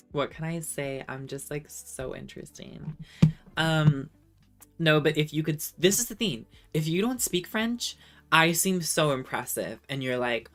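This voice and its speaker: Low-voiced woman chatting on stream. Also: normal speed, a bit bright, soft background music. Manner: chatty, laughs often, tries out rusty French. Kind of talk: casual chat reading viewer comments.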